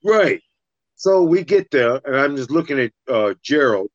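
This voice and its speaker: Male storyteller, profane and animated, mid-range voice, dry and slightly muffled. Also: medium pitch, unhurried, no echo. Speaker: fighter telling a story. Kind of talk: casual storytelling in a podcast chat.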